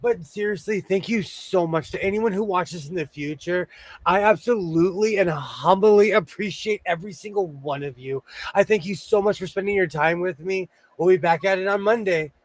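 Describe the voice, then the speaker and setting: Older guy hosting a sewing stream, kinda high voice, dry close sound, chatty. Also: normal speed, no room sound. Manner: chatty, warm sign-off, laughs easily. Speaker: host. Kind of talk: casual livestream chat.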